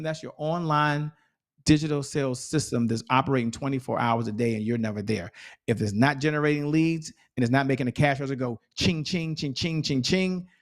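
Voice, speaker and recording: A man speaking as a guest sales coach, giving an enthusiastic motivational talk full of emphatic repetition. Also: medium pitch.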